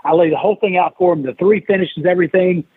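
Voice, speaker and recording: This is a high-voiced man who talks fast, his tone a bit rough. As a podcast interview guest, he narrates a long story with animation, voicing the quoted lines of its characters, over a dry, tinny, phone-like line with no room sound.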